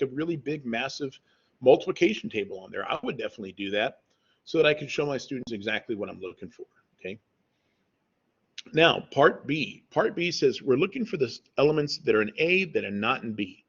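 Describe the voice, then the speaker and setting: A man with a husky, slightly breathy voice walks through math problems in a relaxed, conversational tone, checking in with "okay?" as he goes. The audio is dull and lo-fi, like a home screen recording. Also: mid-range voice. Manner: conversational, says "y'all" and "okay?" often. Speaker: math teacher.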